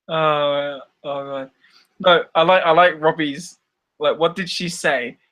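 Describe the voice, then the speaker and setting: Giggly, high-voiced Scottish man. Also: a bit bright. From Scotland. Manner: rambling, giggly, laughs often. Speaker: live streamer. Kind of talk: casual chat.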